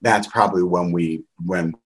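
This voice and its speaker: Low husky-voiced man telling a story. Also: steady tone, normal speed, low-quality recording. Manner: rambling, with restarts, wry laughs. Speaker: guest. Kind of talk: candid conversational storytelling.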